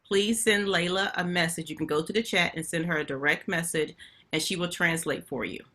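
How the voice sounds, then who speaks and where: A woman's voice: fairly low pitch, fairly quick, fairly bright tone. A woman hosting a webinar, chatting and telling stories straight to her audience over a video call. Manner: chatty storytelling, addresses audience directly. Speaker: webinar host. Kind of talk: casual webinar talk.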